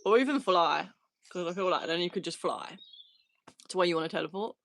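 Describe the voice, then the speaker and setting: This woman, in her thirties, runs a relaxed live chat from a converted little shed, laughing frequently as she reads viewer comments aloud. Her voice sits on the low side, creaky and brisk.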